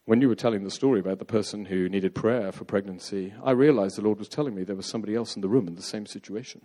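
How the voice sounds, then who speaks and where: A man telling a story in a sermon, lively and acting out the voices of the people in it. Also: fairly low pitch, fast. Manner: animated, acts out quoted voices. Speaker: preacher. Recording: long hall reverb.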